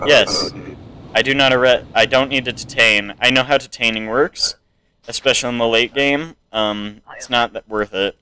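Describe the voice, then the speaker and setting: A man's voice: mid-range voice, fairly even intonation, moderate pace, sharp tone, a little hiss or hum. An American man casually commenting to himself while playing a video game. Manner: musing, talking to himself. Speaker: gamer. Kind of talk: let's play commentary.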